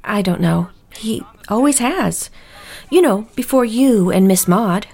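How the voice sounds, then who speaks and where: An actress playing a worried housekeeper in an audio drama, speaking in a hushed, confiding way. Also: female voice, mid-range voice, moderate pace, vocal fry. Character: woman, worried family housekeeper.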